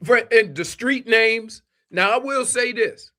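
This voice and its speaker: A man from New Orleans with a local accent, co-hosting sports radio and telling animated stories with frequent laughs. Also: extremely high pitch, slow pace. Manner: animated storytelling, laughs often. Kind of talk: casual radio banter.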